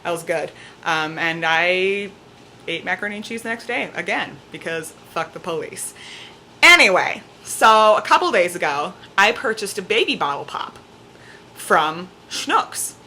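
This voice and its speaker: A young woman with a bright, clear-edged voice tells a story straight to camera from her home, with her cat on her lap. She talks casually and animatedly, and "like" turns up in nearly every sentence. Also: on the low side, measured pace, a little hiss or hum. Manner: chatty, peppered with "like", animated retelling. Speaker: vlogger.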